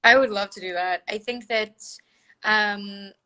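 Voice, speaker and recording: A woman's voice: mid-range voice, steady tone, a little slow, sharp tone, poor audio. A young woman in her twenties chatting as a guest in a casual live-stream interview, full of filler words. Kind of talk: casual video-call interview. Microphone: phone or video call.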